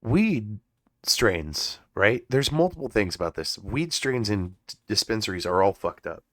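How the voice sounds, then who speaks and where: A man's voice: lowish voice, big pitch swings, a little slow, fairly bright tone, dry recording, clean studio sound. A man hosting his own podcast, telling stories in a rambling, profane way and laughing often. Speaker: podcast host. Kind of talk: casual comedic podcast talk.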